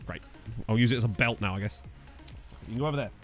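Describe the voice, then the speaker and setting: A fairly low male voice moves at a quick pace over faint background music. The speaker, a young man from Essex with the local accent, casually streams a football management game, reading out his chat and adding jokey asides.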